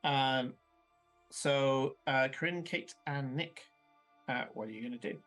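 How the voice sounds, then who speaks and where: A man serving as game master for a tabletop game narrates casually, full of fillers and chuckles. His mid-range voice has a fairly bright tone and a measured pace, with soft music playing in the background.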